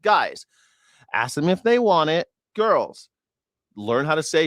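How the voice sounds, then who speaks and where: A man's voice: a little high, sing-song, takes it slowly, fairly bright tone, no echo, clean studio sound. A man hosting a news reaction show, giving blunt, mocking, profane commentary and laughing at his own jokes.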